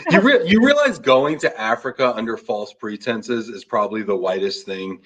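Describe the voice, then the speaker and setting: A man hosting a casual live show, teasing his guest with quick jokes and an animated delivery. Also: mid-range voice, slightly rough. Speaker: podcast host. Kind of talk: casual chat. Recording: tinny phone-like call audio.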